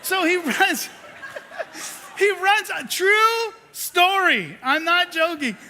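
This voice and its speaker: A woman's voice: very high-pitched, big pitch swings, extremely slow, pushed and bright. A woman pastor preaching a sermon, telling a story with self-deprecating humor and acting out the quotes. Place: church sanctuary. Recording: reverberant church hall.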